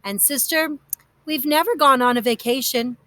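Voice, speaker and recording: An excitable older aunt, put on by a woman reading a storybook, who gushes over every new adventure. Her voice sits high and bright, recorded close and dry. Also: normal speed, no echo. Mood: fond. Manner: gushing, whooping, fond.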